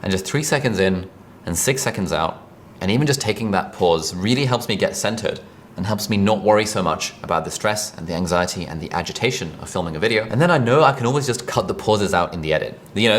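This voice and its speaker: A man giving a conversational direct-to-camera tutorial on presenting, energetic and quick, recorded with a videographer. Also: low-pitched, a little hiss or hum. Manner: fast, energetic, conversational delivery. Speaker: online video coach.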